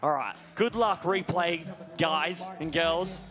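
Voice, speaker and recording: A man giving live BMX commentary, excitable, often shouting and gasping at big tricks. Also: a little high, slow, a crowd in the background.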